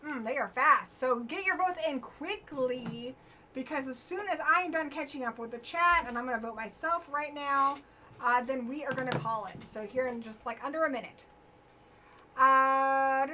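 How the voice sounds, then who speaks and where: A woman's voice: sits high, pushed and bright, slight background noise. A British woman in her forties hosting a casual live-stream chat, teasing her guests and laughing easily. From Britain. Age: 40s. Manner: chatty, teasing, quick to laugh. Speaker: host.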